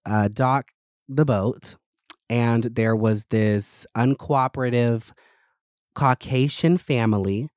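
A man's voice: mid-range voice, a little mellow, no room sound, clean studio sound. A man hosting his own podcast, chatting casually in a gossipy, sassy and profane way. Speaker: podcast host. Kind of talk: casual solo podcast chat.

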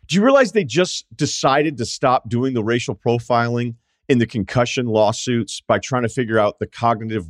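A middle-aged man hosts a sports podcast, delivering an opinionated, sarcastic monologue full of mocking asides and impressions of other people. His voice is mid-range, and the dry recording has clean studio sound.

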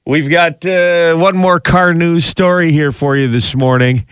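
A man's voice: a little high, steady tone, measured pace, a bit bright, smooth, no room sound. A man co-hosting a morning radio show, chatty and jokey, laughing often, on a studio microphone. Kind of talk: casual morning radio banter.

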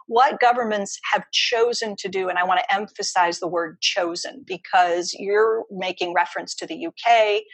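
A woman's voice: mid-range voice, normal speed, no echo, low-quality recording. A woman economist answering interview questions, explaining her views emphatically and at length. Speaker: economist guest.

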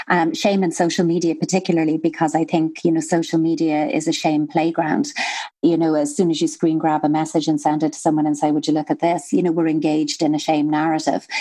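Lower-pitched woman explaining earnestly. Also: warm tone. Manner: earnest, explanatory, acts out quoted voices. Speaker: guest psychotherapist. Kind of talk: conversational podcast interview.

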